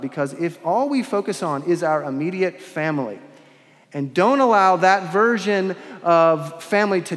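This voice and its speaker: A man preaching a sermon in a measured, earnest way, with pauses and restarts, in a large church. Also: on the high side, a bit bright. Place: large church with long reverb. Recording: long hall reverb.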